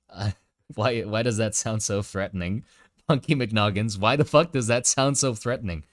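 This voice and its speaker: A man in his twenties, originally from Germany but speaking with an American accent, has a lowish voice at a moderate pace, with clean studio sound and no room sound. As a streamer, he jokes and teases casually with his chat.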